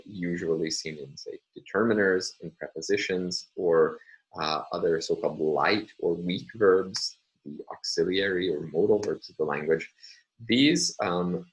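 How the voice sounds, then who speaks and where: A man's voice: low voice, low-quality recording. A man lecturing on a university course, explaining steadily with frequent fillers.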